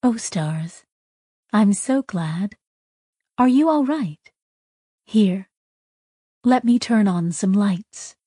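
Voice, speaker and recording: A woman's voice: medium pitch, animated, very slow, pauses often, husky, no room sound, clean studio sound, heavily acted. A woman voicing a kindly, protective voice that speaks from inside a machine, fussing over protocol and reassuring a frightened girl. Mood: soothing. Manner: urgent then soft and reassuring, fussy about protocol.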